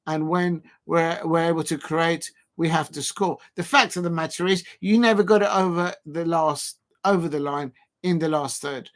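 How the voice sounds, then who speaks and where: A man with a high-pitched voice hosts a live football fan stream. He talks in loose, mocking banter, taunting rivals and slipping into chant snippets and jeering sounds. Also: a bit bright. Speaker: fan channel host.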